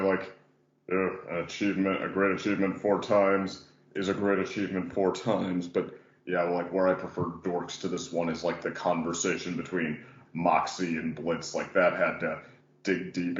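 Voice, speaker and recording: A man's voice: low-pitched, reverberant, muffled recording. A man hosting a casual podcast about animation, rambling with lots of fillers. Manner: rambling, many "like" and "yeah" fillers. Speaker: podcast host.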